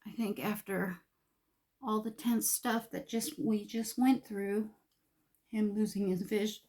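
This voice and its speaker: A woman's voice: mid-range voice, steady tone, slow pace, dark tone. An older woman chatting while getting ready, emotional and confiding, sometimes dropping to a whisper. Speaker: vlogger.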